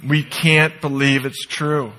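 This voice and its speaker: A middle-aged man preaching a sermon as pastor, emphatic and swinging from loud declarations to soft, quiet asides. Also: a little high, flat delivery, slow pace, noisy background. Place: church sanctuary.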